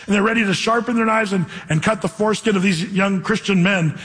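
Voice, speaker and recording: A man preaching a sermon in church, animated, acting out the voices he quotes. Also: high voice, fairly quick, husky, long reverb tail. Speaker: pastor.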